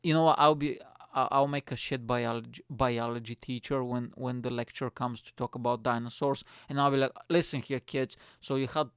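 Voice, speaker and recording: Gravelly, sweary young podcast host. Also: male voice, medium pitch, flat delivery, brisk, hardly any pauses, no echo, studio quality. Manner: sweary, rambling, self-mocking. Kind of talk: casual solo rant.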